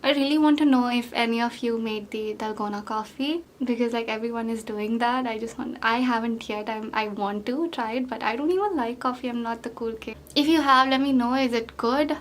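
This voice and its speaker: Talking fast with few pauses, this young woman's high-leaning voice carries a faint hiss or hum. She's a beauty vlogger doing get-ready-with-me makeup talk, rambling and chatty with plenty of fillers and jokes at her own expense.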